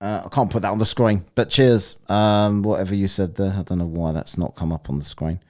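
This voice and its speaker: A man's voice: low-pitched, steady tone, a little fast, darkish tone. A man hosting a casual live-stream, rambling, swearing and laughing as he plays listener clips. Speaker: streamer hosting a soundbite contest.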